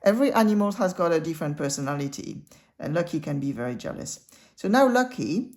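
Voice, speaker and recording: Woman drawing teacher, chatty step-by-step tutorial delivery, slightly low voice. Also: expressive, fast talker, a little mellow. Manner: chatty, talks the viewer through each stroke.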